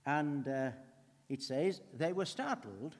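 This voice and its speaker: A man giving a conversational sermon as a preacher, earnest, swinging between emphatic lines and hushed ones. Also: on the high side, animated, slow pace. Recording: long hall reverb.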